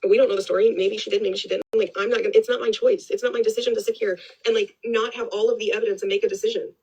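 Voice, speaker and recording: A woman's voice: medium pitch, steady tone, rapid-fire, a little mellow, breathy edge, poor audio. A woman giving blunt, rambling commentary on a live stream, swearing freely and repeating herself. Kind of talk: casual opinionated commentary.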